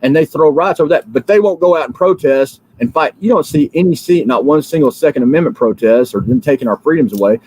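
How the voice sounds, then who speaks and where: A man's voice: fairly high pitch, lively intonation, fast, few pauses, darkish tone, slightly rough, low-quality recording. A drowsy man from the United States hosting a livestream, ranting in a fiery, repetitive way with many fillers and restarts. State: drowsy, just woken up. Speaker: livestream host. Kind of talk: rambling political livestream rant.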